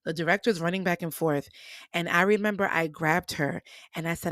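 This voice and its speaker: A woman's voice: on the low side, fairly quick, no echo. Podcast host woman telling stories. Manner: animated, acts out quoted dialogue. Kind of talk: personal storytelling monologue.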